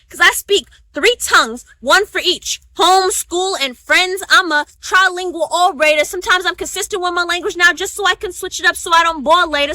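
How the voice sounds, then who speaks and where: A woman's voice: very high voice, bright, forceful tone, dry recording. Emphatic young woman reciting oratory. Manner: rhythmic, emphatic recitation with pointed stresses. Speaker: student orator. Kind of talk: performed spoken-word oratory speech.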